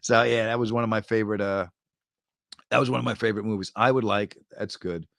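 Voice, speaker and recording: A middle-aged man hosting a podcast, chatting casually, telling animated stories and tossing off quick quips. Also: lowish voice, creaky, dry recording, studio quality. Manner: animated storyteller, quick quips and movie-line impressions. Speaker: podcast host. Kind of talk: casual chat reading viewer comments.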